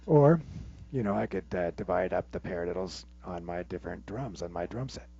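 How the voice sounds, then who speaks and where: A man with a fairly low voice gives a relaxed drum lesson and counts the stickings aloud. The recording sounds muffled, and a drum kit plays loudly between his phrases. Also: brisk, vocal fry, over loud music. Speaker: drum teacher. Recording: muffled sound with loud drums. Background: loud drumming between phrases.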